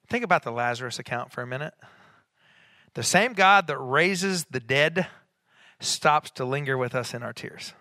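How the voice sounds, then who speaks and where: A middle-aged man preaching a sermon as a pastor, conversational, with quick asides and rising emphatic peaks. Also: medium pitch, pushed and bright, dry recording, clean studio sound.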